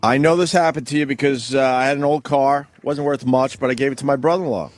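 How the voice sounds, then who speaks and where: A male radio host with a Long Island accent, wry and quick to laugh in casual banter. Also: medium pitch, steady tone, no room sound.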